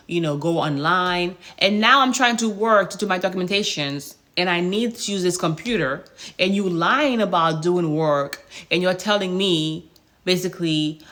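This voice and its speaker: A woman nurse tells her followers a workplace story in a casual vlog. Her voice sits a little low, and she talks with animated exasperation, firing off rhetorical questions. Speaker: hospice nurse and vlogger.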